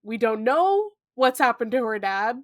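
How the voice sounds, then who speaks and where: A woman's voice: fairly high pitch, sing-song, a little slow, no room sound, studio quality. A young woman co-hosting a podcast, chatting casually about a book with playful asides and frequent laughter. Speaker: podcast co-host. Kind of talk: casual book-discussion chat.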